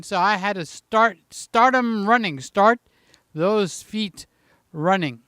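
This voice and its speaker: A man's voice: sits high, slow pace, bright, forceful tone, clear, resonant tone, no room sound. A man hosting a casual live stream from home, talking in a chatty, jokey way and reading out the chat, a little out of breath, holding a handheld mic. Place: room in his house.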